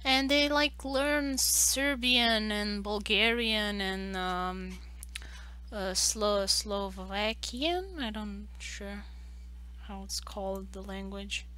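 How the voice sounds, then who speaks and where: Woman, young, bright tone, mid pitch, rambling casual chat, lots of fillers, streaming from home. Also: slow pace. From Romania. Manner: rambling, loose, full of "like" fillers and restarts. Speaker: artist streaming a live drawing session. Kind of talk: casual chat while drawing.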